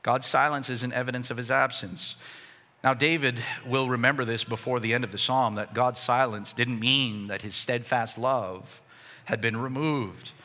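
A man preaching a sermon to his congregation, impassioned and building to near shouts. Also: mid-range voice, fairly even intonation, moderate pace. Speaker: pastor. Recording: long reverb of a hall.

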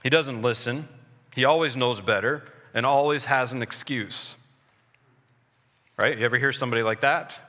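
Bright-voiced male preacher in a hall. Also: mid-range voice. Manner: earnest preaching with pauses and restarts. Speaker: pastor. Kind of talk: sermon. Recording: long reverb of a large hall.

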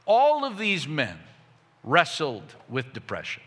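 A man preaching a sermon to his congregation, impassioned and building to near shouts. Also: a little high, huge pitch swings, slow, husky. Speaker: pastor. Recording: long reverb of a hall.

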